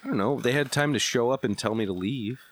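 A man's voice: medium pitch, fast. A man co-hosting a podcast, laid-back, with dry interjections in casual chat. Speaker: podcast co-host.

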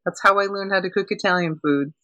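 Older woman guest, animated storyteller, mid pitch, dry sound. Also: fast talker, dry recording, low-quality recording. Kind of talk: casual chat.

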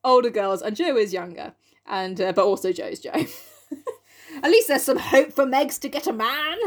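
A woman from the UK co-hosts a loose, sweary podcast, giggling often and reading passages from an old novel. Her voice sits a little high and swings widely in pitch. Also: animated, normal speed. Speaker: podcast co-host. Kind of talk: casual chat, reading a classic novel aloud.

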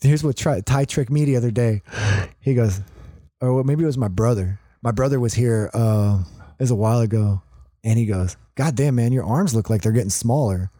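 A middle-aged man chats on a podcast with a warm, mellow tone. He tells stories loaded with swearing and acts out what people said. The sound is dry and close. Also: mid-range voice, brisk, no room sound. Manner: profane storyteller acting out quotes. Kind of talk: casual chat.

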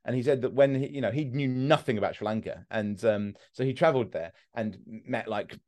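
A man's voice: medium pitch, a little fast. A man from England with an English accent, telling travel stories in casual conversation, swearing freely and acting out quotes. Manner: swears freely, animated storytelling with acted-out quotes. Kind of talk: casual chat.

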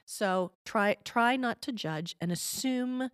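A woman's voice: a little high, takes it slowly, clear, resonant tone, dry recording, studio quality. A middle-aged woman giving parenting advice as an interview guest, patient and explanatory, often checking in with the listener.

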